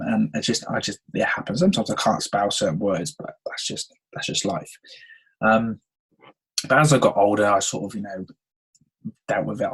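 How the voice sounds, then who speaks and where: Young man, gravelly and husky. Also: lowish voice, rough recording. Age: 20s. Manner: chatty, frequent "um" and "okay?" check-ins. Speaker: podcast host. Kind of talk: casual personal storytelling.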